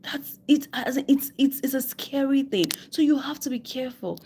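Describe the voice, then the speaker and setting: Emphatic woman finance coach, higher voice. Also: fairly even intonation, normal speed, darkish tone, slight background noise. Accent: West African English. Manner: emphatic, repeats key phrases, quotes people in mock voices. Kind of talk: live-stream money advice talk.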